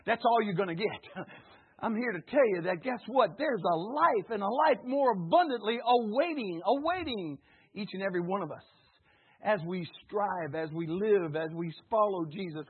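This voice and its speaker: A man's voice: high-pitched, slightly rough. A man, an associate pastor, preaching a sermon in a church, telling stories and calling out to the congregation. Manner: storytelling with call-and-response to the congregation. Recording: tinny phone-like sound.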